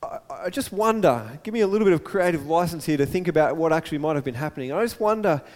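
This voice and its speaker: Male preacher, high voice, animated storytelling, echoey hall. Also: quick pace. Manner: storytelling, animated, repeats words. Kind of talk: sermon.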